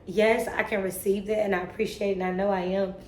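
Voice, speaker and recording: Talking fast in a mid-range, darkish voice with little pitch movement, a young woman makes an emotional faith vlog to camera. She's earnest, slightly tearful, preachy and self-motivating, with casual slang, and the sound is reverberant with slight background noise.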